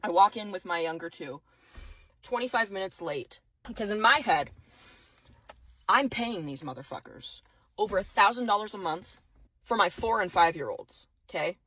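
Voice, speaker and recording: A young woman, a single mother of five, ranting angrily and profanely in a vlog, swinging between loud outbursts and muttered asides. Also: mid-range voice, lively intonation, moderate pace, long pauses, slightly rough, no echo, poor audio. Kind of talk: angry vlog rant.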